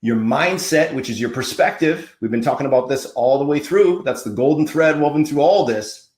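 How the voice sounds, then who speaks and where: A man's voice: on the high side, expressive, moderate pace, a little mellow, echoey room. A man hosting a podcast as a marketing coach, giving a fiery, preachy motivational talk full of punchy repeated slogans.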